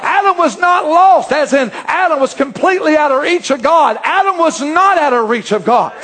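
A man preaching a fervent sermon, often rising to shouts. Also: extremely high pitch, lively intonation, moderate pace, a little hiss or hum.

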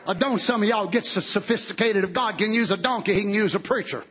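High, bright-voiced shouting preacher. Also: male voice, fast, hardly any pauses, a faint crowd. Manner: fervent shouting, swinging from loud to soft. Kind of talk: sermon.

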